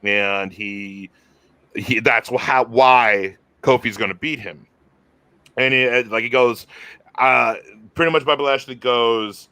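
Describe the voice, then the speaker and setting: Bright, excitable guy reviewing wrestling. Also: mid-range voice, takes it slowly, clear, resonant tone, no echo. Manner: excitable, rambling, restarts often. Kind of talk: casual podcast chat.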